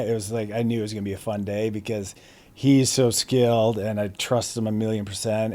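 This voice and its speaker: A man's voice: mid-range voice, mellow. A middle-aged man from Massachusetts, a guest actor in a casual interview, telling stories in a laid-back, slangy way with many fillers and restarts. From Plymouth, Massachusetts.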